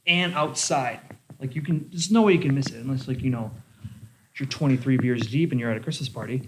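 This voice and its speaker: A man's voice: mid-range voice, brisk, a little hiss or hum. Casual swearing young bartender man. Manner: animated, swears a lot, lots of "like". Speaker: bartender podcast host. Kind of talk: casual storytelling.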